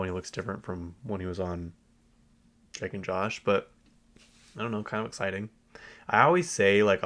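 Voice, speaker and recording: A young man chatting on his own podcast, rambling through stories with plenty of ums and likes. His voice sits on the low side. The tone is casual and easygoing. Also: creaky, a bit bright. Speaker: podcast host. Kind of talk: casual solo podcast chat.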